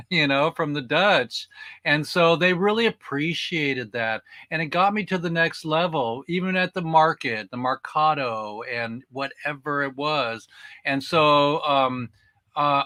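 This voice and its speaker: A man's voice: fairly high pitch, pushed and bright. A man hosting a casual online talk show, chatting with his guests in a folksy, enthusiastic way. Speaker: host. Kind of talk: casual chat.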